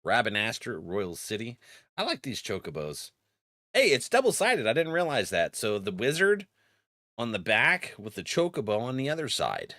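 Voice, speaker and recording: Giggly, lively man streamer with a cold. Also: lowish voice, normal speed, dry recording, studio quality. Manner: laughs often, acts out friends' lines in a raised voice. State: has a cold. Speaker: gaming streamer. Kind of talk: casual stream chat.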